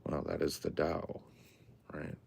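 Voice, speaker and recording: Very deep gravelly man, laid-back. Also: flat delivery, slow pace, a little mellow, slight background noise. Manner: laid-back, profane, rambling. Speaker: podcast co-host. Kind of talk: casual chat. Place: home in the woods at night.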